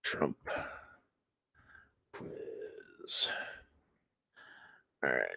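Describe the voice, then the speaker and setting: A man's voice: drawn-out words, bright, forceful tone, no room sound, in a whisper. A man hosting a live stream, giving sarcastic, rambling commentary with laughs.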